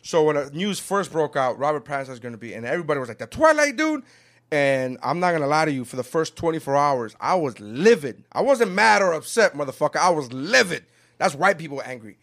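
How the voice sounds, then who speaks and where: Man, rapid talker, higher voice, profane, animated storytelling. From South Florida. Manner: animated, profane, acts out quotes. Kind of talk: casual profane chat.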